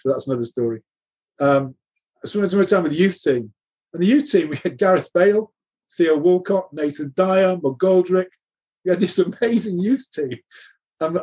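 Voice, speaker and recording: A fairly high-pitched, slightly mellow and husky voice belongs to a middle-aged man telling anecdotes from his time coaching. As a guest, he laughs a lot and dramatizes the conversations he quotes.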